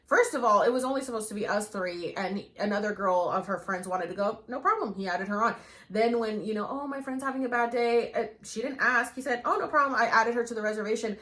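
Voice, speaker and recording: A woman's voice: a little high, sharp tone. An enthusiastic woman hosts a casual podcast chat. She talks eagerly, restarts her sentences often, and jumps in over her guest. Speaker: podcast host.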